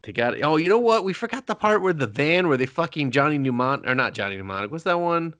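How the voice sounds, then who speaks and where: Animated bright-voiced man riffing. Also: fairly high pitch. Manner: animated, jokey, quick voice impressions. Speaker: podcast co-host. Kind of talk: casual movie review banter.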